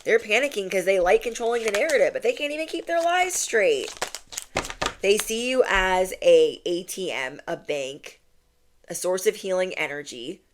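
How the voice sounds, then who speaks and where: A woman's voice: medium pitch, animated, moderate pace, a little hiss or hum. A young woman giving a casual spiritual tarot reading and talking to viewers in a chatty, emphatic way. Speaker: tarot reader.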